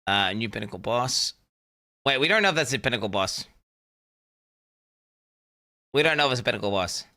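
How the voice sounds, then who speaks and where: A young man reacts live on his stream, thinking out loud and circling back over the same points. His voice is bright and forceful, and he swears casually as he goes. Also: mid-range voice, a little fast. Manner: excitable, thinks aloud, repeats himself, swears casually.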